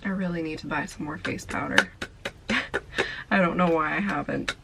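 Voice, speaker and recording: A woman's voice: low voice, moderate pace, gravelly, very noisy. A young woman vlogger, tired and sleepy, chatting casually through a makeup tutorial with lots of filler words. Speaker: beauty vlogger.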